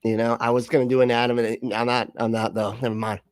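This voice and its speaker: A man riffing sarcastically on a livestream, profane and quick to laugh. His voice sits in an ordinary middle range, recorded dry and close with no room around it. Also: mid-range voice, level tone, dry recording. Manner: mocking, profane, laughing often. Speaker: livestream commentator. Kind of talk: sarcastic reaction commentary.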